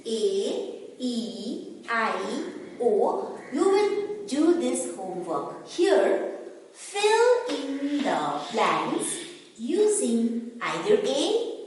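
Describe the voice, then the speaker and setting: A woman with an Indian English accent teaching a phonics lesson to young children, spelling letters out slowly and asking the class questions. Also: sits high, a little hiss or hum. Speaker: kindergarten teacher. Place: classroom or school room. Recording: echoey room, voice from a distance.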